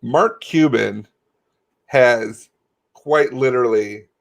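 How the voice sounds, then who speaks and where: A man's voice: medium pitch, slow pace, vocal fry. A man co-hosting a comedy podcast, chatting casually in a rambling, joking way with plenty of swearing. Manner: rambling, swears, laughs often. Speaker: podcast co-host.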